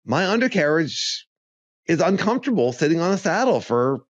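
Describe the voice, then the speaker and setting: A man's voice: on the high side, very animated, moderate pace, dry recording. Man rambling and joking in a dry, dull recording. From Arizona. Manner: rambling, joking, laughs often. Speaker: podcast co-host. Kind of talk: casual chat.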